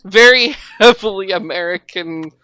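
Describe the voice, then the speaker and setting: A game master narrates a tabletop horror game, chatting along with plenty of fillers. The voice is bright and smooth. The delivery is unhurried. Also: mid-range voice, no room sound.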